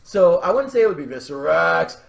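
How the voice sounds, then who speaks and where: Excitable rambling young man, podcast host. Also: a little high, brisk. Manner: excitable, rambling, laughs and restarts often. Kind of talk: casual creative brainstorming chat.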